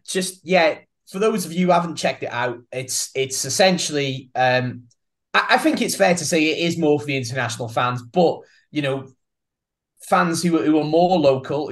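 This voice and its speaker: A man with a Welsh accent co-hosting a podcast in a rambling, self-deprecating way, laughing often. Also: a little high. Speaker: podcast co-host. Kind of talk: casual podcast chat.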